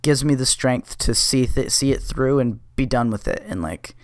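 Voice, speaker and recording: A man's voice: medium pitch, moderate pace, dry recording, clean studio sound. A man hosting his own podcast, telling a personal story in a blunt, profane, casual way, stumbling over and correcting his words. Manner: profane, blunt, restless retelling with self-corrections. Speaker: podcast host.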